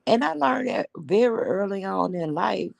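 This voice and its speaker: A woman's voice: mid-range voice, lively intonation, normal speed, gravelly, no room sound. A woman hosting a casual live stream, telling stories bluntly and with profanity as she greets viewers.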